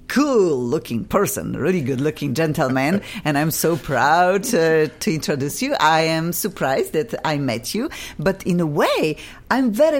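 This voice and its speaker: Polish-accented radio host, middle-aged woman, gushing and chatty, low voice, very lively pitch. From Poland. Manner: effusive, laughs often, restarts sentences. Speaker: radio talk show host.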